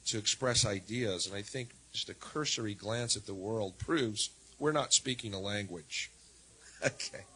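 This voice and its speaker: A man performing a stand-up routine in a wry, sardonic way, swinging between low mutters and loud jabs. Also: slightly rough, low-quality recording. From United States. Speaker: stand-up comedian.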